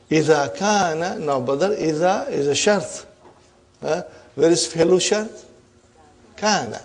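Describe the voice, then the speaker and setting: A man's voice: on the high side, a little mellow. A man teaching a classroom grammar lesson. He explains term by term, drills students with repeated questions and keeps checking with "huh?" and "are you with me?".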